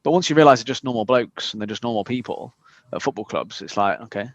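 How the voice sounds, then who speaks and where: Guy on a podcast, talks super fast and swears a lot, dry kinda dull sound. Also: mid-range voice, dry recording. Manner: frank, sweary, quick storytelling. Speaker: podcast co-host, fitness coach. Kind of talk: casual podcast chat.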